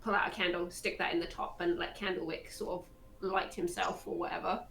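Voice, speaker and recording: A woman's voice: fairly low pitch, flat delivery, brisk, vocal fry, background noise. A woman playing a tabletop game, hesitantly describing her character's actions with many fillers. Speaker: player. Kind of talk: casual tabletop game play.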